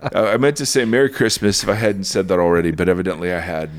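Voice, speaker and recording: A man's voice: deep voice, fairly even intonation, quick pace. A man co-hosting a podcast in casual chat, playful and self-deprecating, rambling and worn out after a booster shot. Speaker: podcast co-host.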